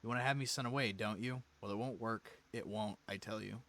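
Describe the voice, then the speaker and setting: A man's voice: fairly low pitch, fairly even intonation, brisk, fairly bright tone. A man voicing a cruel, unhinged young woman who taunts and sneers in a text-based mystery game. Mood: defensive.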